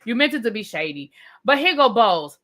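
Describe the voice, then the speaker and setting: A woman's voice: on the high side, sing-song, fairly quick, fairly bright tone. A woman reviewing a TV show in a live rant, heated and profane, with repetitive slangy outbursts aimed at her viewers. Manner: slangy, addresses viewers as y'all and baby.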